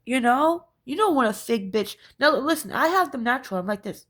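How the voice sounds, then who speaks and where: A spiritual vlogger, a woman with a high-sitting, slightly bright voice and lively intonation, rants to camera a little fast. She's profane and emphatic, repeats her points, and keeps asking "right?" over and over.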